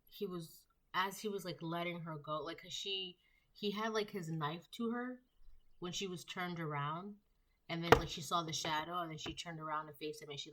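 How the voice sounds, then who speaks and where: A woman's voice: low voice, pushed and bright. A woman giving a casual tarot reading, talking in a rambling way with many fillers and restarts. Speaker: tarot reader.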